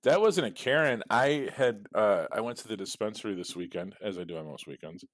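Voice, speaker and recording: A man with a lowish voice that swings all over as he tells a sprawling, swear-laden story. His casual podcast chat is full of laughs and restarts, and the sound is dry and close with no room around it. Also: expressive, fairly quick, dry recording. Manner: rambling, profane storytelling with frequent laughs. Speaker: podcast co-host.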